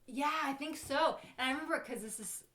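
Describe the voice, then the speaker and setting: A woman's voice: sits high, brisk, roomy sound, a crowd in the background. A woman bartender, a podcast guest, telling stories in casual chat. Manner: chatty storyteller.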